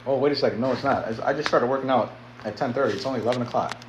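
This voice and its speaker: A man's voice: medium pitch, very fast, noisy background. A man vlogging casually to his viewers between sets in his home weight-training setup. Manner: laid-back, chatty, talks to viewers directly.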